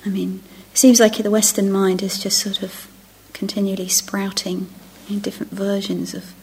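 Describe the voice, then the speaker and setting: In a medium-pitched, husky, slightly mellow voice, a middle-aged meditation teacher gives a reflective dharma talk to a retreat group at normal speed with flat delivery. She often falls to a near-whisper, breaks off, and starts her phrases over.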